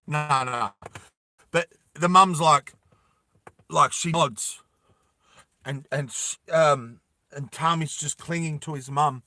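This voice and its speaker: A man's voice: fairly high pitch, bright, forceful tone, no room sound. A man telling a story casually to his viewers, with many fillers. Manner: slow, with fillers, addresses viewers.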